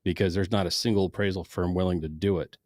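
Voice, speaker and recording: A man's voice: deep voice, steady tone, fast, darkish tone, no room sound, clean studio sound. A man co-hosting a podcast, speaking bluntly in casual chat with short firm interjections. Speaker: podcast co-host, pastor, business owner.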